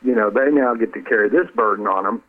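Male author guest, earnest and halting, heard over a tinny phone line. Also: lowish voice. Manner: earnest, halting, repeats words. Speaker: author and former counselor, guest. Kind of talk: radio interview over the phone.

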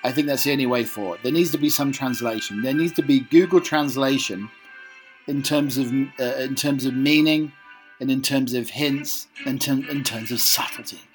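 A man's voice: medium pitch, moderate pace, music in the background, rough recording. A man hosting a podcast, talking in a wry, rambling casual monologue with restarts and asides. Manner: rambling, wry, self-interrupting. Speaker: podcast host.

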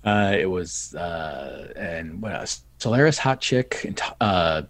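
A middle-aged man telling stories in casual chat, animated and acting out the people he quotes. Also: low voice, slow, dry recording. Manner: animated, acts out quoted voices. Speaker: podcast guest. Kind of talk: casual storytelling.

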